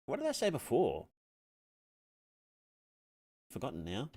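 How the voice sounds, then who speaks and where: In a mid-range voice with wildly swooping pitch, a man talks a little slowly while streaming gameplay live. He curses openly, gets loud over in-game deaths, and rambles with many fillers while answering chat.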